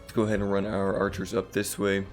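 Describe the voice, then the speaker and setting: A man with a slightly rough morning voice, casually commenting on a strategy game as the channel host, relaxed and rambling with fillers. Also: on the low side, fast talker, faint music behind.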